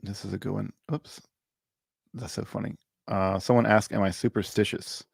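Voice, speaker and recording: A man's voice: lowish voice, steady tone, moderate pace, vocal fry, husky, no room sound, clean studio sound. A man from Mississippi, hosting a livestream Q&A and talking casually with lots of fillers and restarts. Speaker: host. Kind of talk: livestream Q&A chat.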